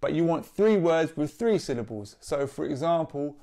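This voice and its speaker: A man, a poet leading a friendly, upbeat rhyming warm-up for young writers, explaining each task clearly. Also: mid-range voice, expressive, measured pace, few pauses. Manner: upbeat, clear teacher-like explanations with example rhymes. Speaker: poet and workshop leader. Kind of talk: instructional video for young writers.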